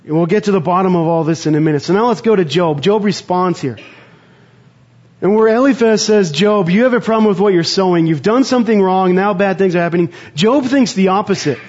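A man preaching a sermon in an earnest, conversational way, pausing to reflect. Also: high-pitched, darkish tone, lo-fi sound. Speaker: pastor.

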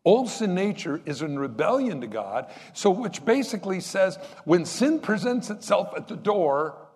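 Lively preaching man in a reverberant hall. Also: high-pitched, a little slow. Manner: conversational preaching, rhetorical questions to the congregation. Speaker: pastor. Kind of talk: sermon.

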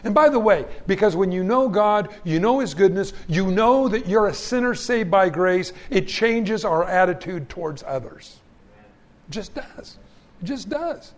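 High-voiced preacher giving a sermon. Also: male voice, expressive, a little slow. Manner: emphatic, folksy, addresses listeners as friends. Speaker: pastor.

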